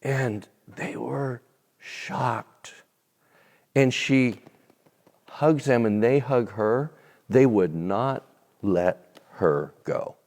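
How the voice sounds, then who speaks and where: A man telling a faith testimony as an interview guest, animated and then dropping soft and low at tender moments. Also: drawn-out words, long pauses. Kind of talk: storytelling testimony. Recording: long reverb.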